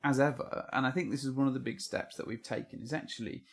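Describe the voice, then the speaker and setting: A man's voice: medium pitch, fast, gravelly. Podcast co-host, man, earnest and reflective, rambling home chat at a mic. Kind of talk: casual chat. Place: home room. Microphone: podcast microphone.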